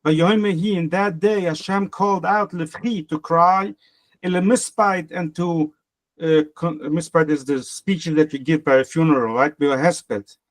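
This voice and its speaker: A man's voice: fairly high pitch, steady tone, a little slow. A man. He works phrase by phrase, translating and repeating himself as he goes, then explains with everyday examples. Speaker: Talmud teacher. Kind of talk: casual Gemara lesson.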